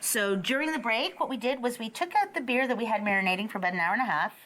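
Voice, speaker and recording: A woman's voice: on the high side, animated, fast, a bit bright. A woman hosting a cooking show in a studio kitchen, talking with bubbly enthusiasm and laughing often. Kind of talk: lively cooking show banter.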